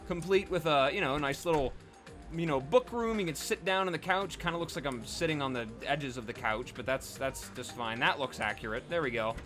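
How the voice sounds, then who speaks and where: A man rambles through a casual let's play, chatty and full of fillers. His voice sits a little high and sounds bright and sharp. Soft game music plays faintly underneath. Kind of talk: casual gameplay commentary.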